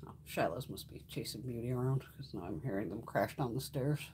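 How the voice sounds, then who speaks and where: A woman's voice: rumbling low, fairly quick, background noise. A middle-aged woman chatting casually while hosting a beauty livestream, swearing freely and laughing often. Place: home makeup room.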